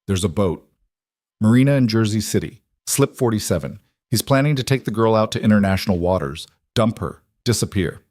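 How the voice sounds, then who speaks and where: A scared captured henchman in an audiobook thriller, low voice, quiet and halting, as a narrator puts him on. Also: animated, no room sound, studio quality, natural voice. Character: frightened captured male henchman.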